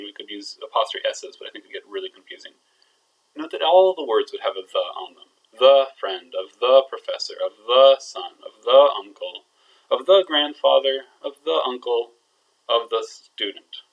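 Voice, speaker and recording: A man's voice: medium pitch, fairly bright tone, low-quality recording. A man teaching a recorded language lesson, playful and building suspense as he explains grammar. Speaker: Arabic teacher.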